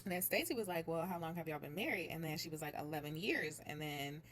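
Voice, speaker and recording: A young woman chatting casually as she recaps a reality show, telling it in a lively way and slipping into other people's voices. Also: sits low, quick pace, slight background noise. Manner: chatty, animated retelling with quoted voices.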